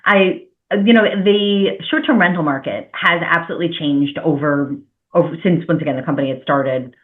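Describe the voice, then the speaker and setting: A woman hosts a casual podcast interview, talking in long, rambling, hedging turns. Her voice sits low at a moderate pace, heard over a tinny, phone-like line.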